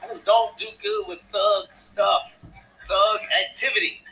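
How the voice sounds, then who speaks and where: A man performing a stand-up comedy routine, with a light, small voice, acting out characters and shouting punchlines. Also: high voice, unhurried, soft background music, rough recording.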